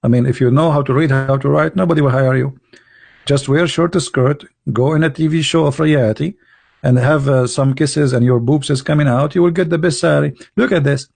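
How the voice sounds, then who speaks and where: A man hosting an online talk, speaking in a mocking, sarcastic, rambling manner. His voice sits fairly high, with a gravelly, husky edge. The sound is dry, with no room echo. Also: fairly quick, darkish tone. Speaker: online debate host. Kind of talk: casual livestream talk.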